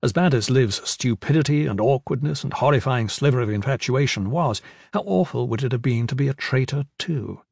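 A man reading fantasy fiction as an audiobook narrator in a measured, steady way. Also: mid-range voice, gravelly, husky, no echo, clean studio sound. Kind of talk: scripted narration.

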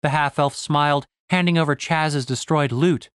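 A man reading a fantasy novel aloud in a steady storytelling voice. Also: fairly high pitch, normal speed, smooth, no echo, studio quality. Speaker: audiobook narrator. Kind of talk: scripted fantasy narration.

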